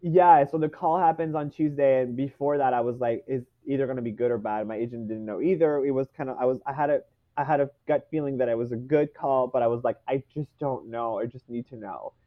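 A man's voice: medium pitch, fairly quick, no room sound, narrow, tinny audio. Young man telling a story animatedly. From Canada. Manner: animated storytelling, acting out quoted dialogue. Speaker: stage actor. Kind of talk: casual chat.

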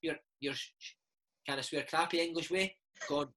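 A man's voice: a little high, fairly even intonation, moderate pace, a bit bright, low-quality recording. A Scottish man putting on a mock Italian accent to imitate a strict, theatrical football manager who speaks in broken English. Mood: stern. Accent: put-on Italian. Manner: broken English, stern and clipped.

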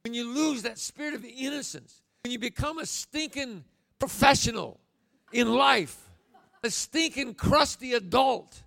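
A man in his sixties preaching a sermon, folksy and emphatic, with sudden loud bursts. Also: very high-pitched, a little slow, vocal fry. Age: 60s.

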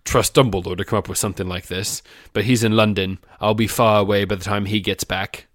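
A man's voice: fairly low pitch, steady tone, brisk, no room sound, clean studio sound, natural voice. A man voicing a nervous, scheming male wizard teacher in a put-on British accent. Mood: menacing.

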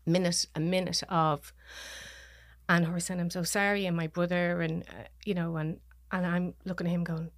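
A woman with a Dublin Irish accent, a podcast guest telling a personal story in halting, restarting sentences and voicing what others said. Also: on the low side, little pitch movement, no room sound, clean studio sound. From Ireland. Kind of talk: personal story told in conversation.

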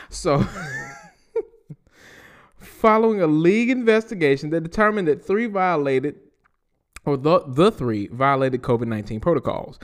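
A man's voice: fairly high pitch, very animated, moderate pace. A man with a Southern US accent hosting a podcast, reading news stories aloud and riffing on them with loose, profane commentary. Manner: reads news aloud and riffs with laughs and profanity. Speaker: podcast host.

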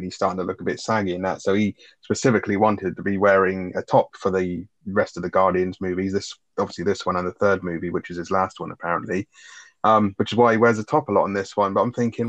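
A man's voice: sits low, no echo. A man co-hosting a casual film review chat, swearing freely as he retells scenes. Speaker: film review podcast co-host.

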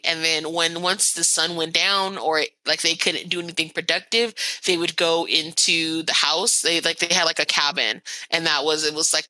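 Woman, podcast co-host, low-ish pitch, very bright, dry sound, casual rambling storyteller. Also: dry recording. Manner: rambling, animated storytelling with many fillers.

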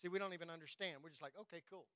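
A man, the church pastor, preaching a sermon, reading scripture slowly and with emphasis and talking straight to the congregation. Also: a little high, bright, forceful tone, dry recording, poor audio.

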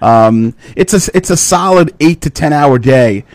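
A man's voice: a little high, expressive, unhurried, a little mellow, dry recording. A man, hosting a podcast and telling a rambling story in casual chat, full of fillers and swearing. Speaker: podcast host.

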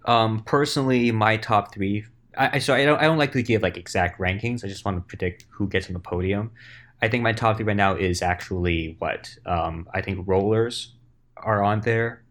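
A man's voice: on the low side, moderate pace, fairly bright tone. A young man co-hosting a podcast, chatting casually with teasing, dry humor. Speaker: podcast co-host. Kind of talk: casual chat.

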